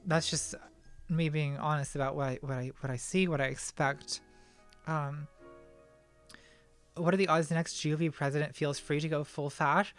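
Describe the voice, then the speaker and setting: Woman chatting casually on a livestream. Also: deep voice. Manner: thinks aloud, self-deprecating, many restarts. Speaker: streamer answering patron questions.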